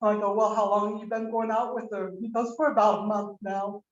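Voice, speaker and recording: A woman's voice: mid-range voice, level tone, brisk. An older woman giving a eulogy as the mother-in-law, telling a rambling, candid story and acting out the quoted dialogue. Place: memorial service room. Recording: roomy, muffled video-call audio.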